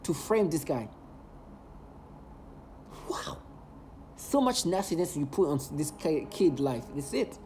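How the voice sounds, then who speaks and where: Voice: mid-range voice, very animated, slow, long pauses, warm tone, slight background noise. A vlogger ranting in an agitated, emotional monologue, hurling repeated insults.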